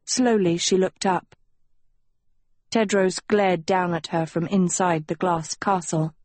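A woman narrating an audiobook in a measured storytelling manner. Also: lowish voice, steady tone, a little mellow, no echo. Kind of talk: scripted narration.

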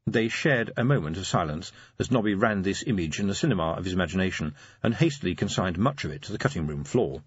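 A man's voice: sits low, lively intonation, fast talker, husky, dry recording, lo-fi sound. A man narrating a story in a dry, wry storytelling manner. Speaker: audiobook narrator. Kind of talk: scripted narration.

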